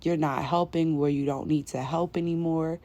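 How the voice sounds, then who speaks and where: A woman's voice: low voice, fairly even intonation, normal speed, mellow. A woman delivering an intuitive spiritual message to her viewers, in emphatic, casual, slangy talk that repeats its points. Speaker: spiritual reader.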